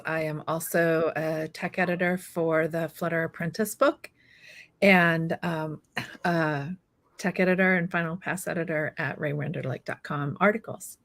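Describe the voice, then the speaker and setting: A woman co-hosting a tech stream, briskly introducing herself in casual chat. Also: on the low side, fairly even intonation, fairly bright tone. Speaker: co-host, tech editor.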